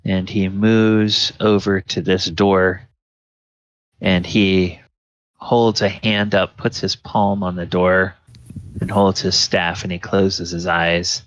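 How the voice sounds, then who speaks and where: A man narrating a tabletop game as dungeon master, describing the scene in a halting way full of fillers. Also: low-pitched, level tone, dry recording, muffled recording.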